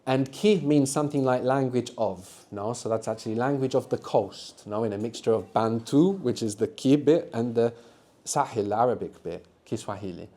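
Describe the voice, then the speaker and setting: A man's voice: mid-range voice, moderate pace, mellow. A man teaching a live beginners' language workshop to students in a classroom, patient and encouraging, explaining step by step. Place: university classroom.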